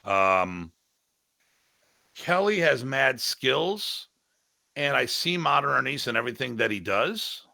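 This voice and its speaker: A man's voice: mid-range voice, slow, vocal fry, long pauses, no room sound. A middle-aged man, a martial arts instructor, telling stories in a casual podcast discussion and often mimicking others. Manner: animated storyteller, mimics others' voices.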